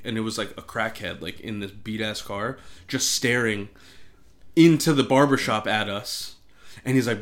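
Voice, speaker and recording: A man's voice: mid-range voice, a little fast. Man telling stories, lots of cursing. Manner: animated storyteller, swears often, says "like" a lot. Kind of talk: casual chat, storytelling.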